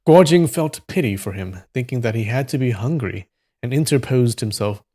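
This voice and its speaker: A man reading a translated novel aloud on a live stream, relaxed and stopping now and then to comment on the text. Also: mid-range voice, normal speed.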